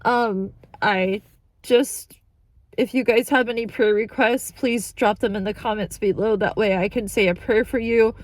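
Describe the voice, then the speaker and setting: A woman vlogger giving an emotional update while crying, talking in halting, broken sentences into a handheld phone. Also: medium pitch, fairly even intonation, no echo. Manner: halting, restarting sentences, overwhelmed. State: tearful, crying. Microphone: phone held in hand.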